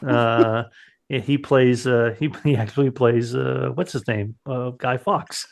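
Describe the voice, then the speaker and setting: A man co-hosting a podcast, rambling in a halting, joking way and swearing freely. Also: medium pitch, fairly even intonation, gravelly. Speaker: podcast co-host. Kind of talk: casual comedic chat.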